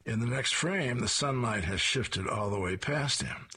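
A man's voice: mid-range voice, expressive, measured pace, bright, forceful tone, breathy edge. A man reading newspaper comic strips aloud, describing each panel and adding chuckled asides.

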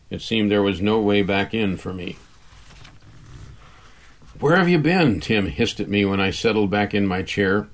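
A man narrating an audiobook in the first person, in a wry, conversational way. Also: on the low side.

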